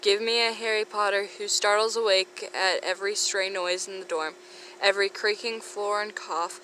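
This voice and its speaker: Fan comic reader: woman, bright voice, breathless run-ons, faint noise behind. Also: mid-range voice, steady tone, poor audio. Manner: breathless, rapid run-on reading. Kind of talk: reading fan comics aloud.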